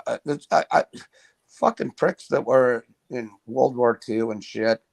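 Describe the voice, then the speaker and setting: A man co-hosting a podcast in casual chat, with a creaky, gravelly voice. He rambles through stories with heavy swearing and stammering restarts. His pitch sits in the middle range. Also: slow. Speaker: podcast co-host.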